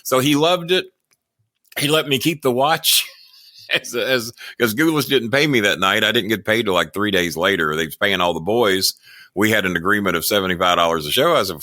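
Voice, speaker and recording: A man's voice: fairly low pitch, lively intonation, a little fast, pushed and bright, no echo, clean studio sound. A man guesting on a podcast, telling rambling, profane stories and laughing as he goes. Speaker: podcast guest, wrestling manager. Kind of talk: casual storytelling interview.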